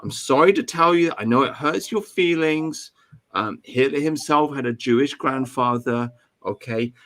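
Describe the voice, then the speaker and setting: English man, mid-pitched, host of a live chat stream, emphatic and ranty, stumbles and restarts often. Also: normal speed, fairly bright tone. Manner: emphatic, ranting, with repeated restarts. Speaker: livestream host. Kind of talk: casual political chat.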